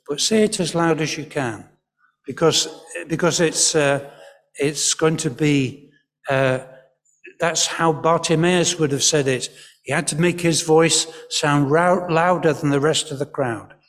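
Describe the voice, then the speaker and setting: A man preaching a storytelling sermon at an all-age church service, gently guiding the congregation to join in. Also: on the high side, a little slow. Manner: gentle storyteller, leading the congregation in call-and-response. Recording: long church hall reverb.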